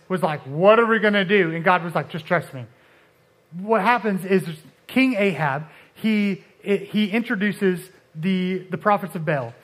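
A young man preaching a casual sermon, talking in a halting, conversational way with many restarts and fillers, and acting out Bible figures in quick asides. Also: sits high.

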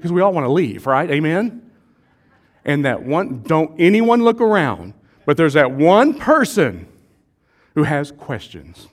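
A man's voice: on the high side, sing-song, unhurried. A male pastor, preaching in a casual, joking way and acting out voices from the crowd. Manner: playful, jokey, acts out voices of the crowd.

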